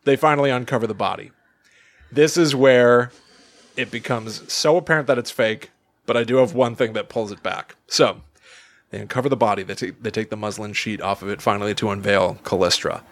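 A man co-hosting a podcast, telling a story in casual chat with lots of restarts, fillers and laughs. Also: on the low side. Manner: animated, halting storyteller with many restarts and laughs. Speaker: podcast co-host.

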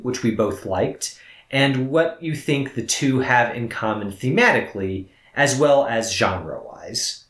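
Man, podcast film co-host, measured and explanatory, mid-pitched, echoey room. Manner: measured, explanatory, gently teasing. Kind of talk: conversational podcast talk. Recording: roomy echo.

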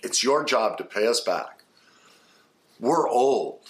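A man's voice: medium pitch, animated, slow pace, roomy sound. A man voicing an aging parent who guilt-trips a grown child into paying them back. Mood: demanding. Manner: demanding, guilt-tripping.

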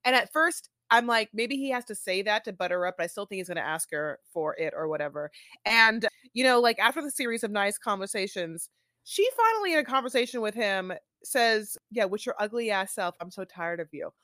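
A woman's voice: mid-range voice, lively intonation, brisk, sharp tone, no echo. A woman co-hosting a podcast in casual chat, rambling with lots of filler words and acting out quotes. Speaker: podcast co-host.

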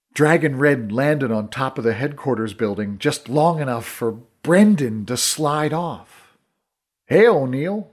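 Man narrating an audiobook. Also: mid-range voice. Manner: measured, vivid storytelling. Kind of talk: first-person audiobook narration.

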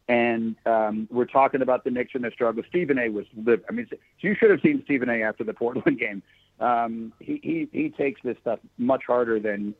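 A man's voice: medium pitch, dry recording. A man hosting a sports talk show, chatting casually and often restarting his sentences. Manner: thoughtful, frequent restarts. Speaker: sports podcast host. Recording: tinny phone-like sound.

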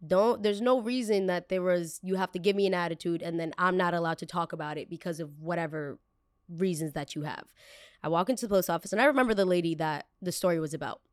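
A young woman hosting a podcast, telling a personal story in an emphatic, animated way and acting out the quoted lines. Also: lowish voice, quick pace, no room sound, studio quality. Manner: blunt, self-aware. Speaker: podcast host.

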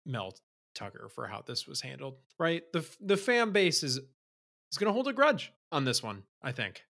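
A man co-hosting a sports podcast, with a bright, sharp-edged voice at a middle pitch. He talks in an easygoing way, pausing often with ums. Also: big pitch swings, vocal fry. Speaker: podcast co-host. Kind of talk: casual sports podcast chat.

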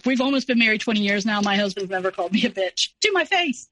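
A woman in her forties, an interview guest telling a personal story in a casual, animated way. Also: mid-range voice, fast talker, hardly any pauses, dry recording, rough recording. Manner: animated, acts out quoted voices.

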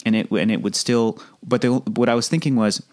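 A man hosting a casual movie chat, animated and laughing often. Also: mid-range voice, brisk. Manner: animated, laughs a lot, slips into silly voices. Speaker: podcast host.

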